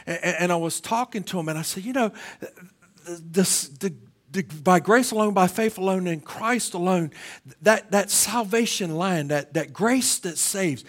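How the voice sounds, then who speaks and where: A male pastor with a voice that sits high preaches a sermon in church. He alternates between loud, emphatic passages and slow, quiet questions, often repeating words as he begins a phrase.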